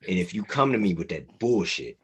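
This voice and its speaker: Husky-voiced man venting bluntly. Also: low-pitched, very animated, a little fast, a bit bright. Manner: heated, blunt, profane. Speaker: podcast co-host. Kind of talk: casual group discussion.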